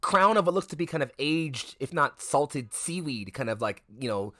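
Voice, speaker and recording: Acting as game master for a tabletop game, a man narrates in a rambling way full of fillers, restarts and self-corrections. His voice is fairly high and fairly bright, expressive and moderately paced, captured as clean studio sound with no echo.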